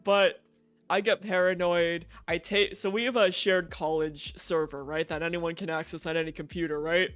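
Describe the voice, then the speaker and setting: A young man streaming a game, telling a story in a profane, animated rant full of "right?" asides. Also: fairly high pitch, normal speed, clean tone, soft background music.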